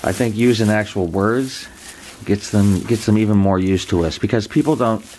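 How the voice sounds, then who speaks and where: A man's voice: fairly low pitch, normal speed, a little hiss or hum. A man who breeds dogs, talking casually to a handheld camera while sitting among puppies, rambling and restarting his words. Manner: rambling, repeats and restarts words, gently affectionate. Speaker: dog breeder. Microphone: handheld camera mic.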